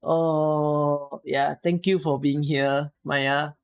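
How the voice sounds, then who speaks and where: A Singaporean woman with a Singaporean English accent, chatting casually with viewers on a live stream, rambling and breaking into excited exclamations. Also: sits low, normal speed.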